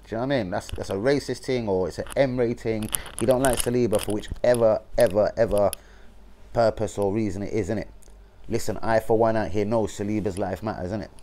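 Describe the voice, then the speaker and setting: London bloke ranting on his fan stream, kinda low voice, swears loads, says innit a lot. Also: steady tone, fairly quick, dark tone, a little hiss or hum. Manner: sweary, blunt London slang, keeps saying innit. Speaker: fan channel host. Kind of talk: casual football rant livestream.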